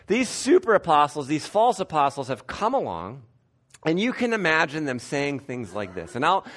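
A male pastor preaching a conversational, animated sermon in church. He often restarts and corrects himself. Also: a little high.

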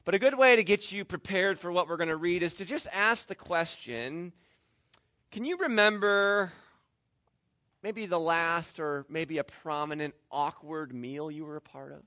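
A man preaching a sermon, animated, with sarcastic bursts and laughs. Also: fairly high pitch, normal speed, hardly any pauses. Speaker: pastor.

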